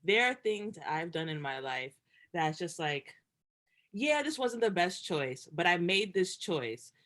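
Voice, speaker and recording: A young woman co-hosting a podcast in casual chat, emphatic and animated, laughing often as she rants. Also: fairly low pitch, measured pace. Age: young adult. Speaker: podcast co-host.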